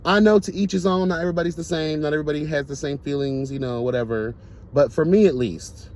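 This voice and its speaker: A man's voice: a little high, quick pace, darkish tone. A man telling a casual storytime monologue to his viewers, blunt, profane and emphatic. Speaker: storyteller vlogger.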